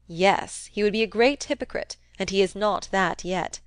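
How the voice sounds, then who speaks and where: A woman's voice: medium pitch, normal speed, smooth, no room sound, close to an everyday voice. Woman voicing a plain-spoken young lady in a storybook reading, dry and blunt.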